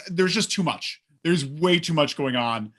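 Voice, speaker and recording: Bright, high-voiced man co-hosting a wrestling show. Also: unhurried. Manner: animated, reads live chat comments aloud. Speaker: podcast co-host. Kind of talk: casual wrestling talk show chat.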